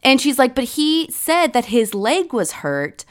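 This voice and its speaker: A woman's voice: high-pitched, measured pace. A woman co-hosting a podcast in casual chat, telling a story with lots of fillers and quoted lines. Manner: animated storytelling, quoting others, many fillers. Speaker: podcast co-host.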